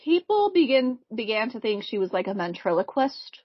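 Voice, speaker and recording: A woman with a somewhat high voice tells a ghost story to friends on a podcast. She reads it in a measured, casual way. The sound is dry and slightly dull. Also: very animated, slightly rough, no room sound. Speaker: podcast co-host telling a spooky case.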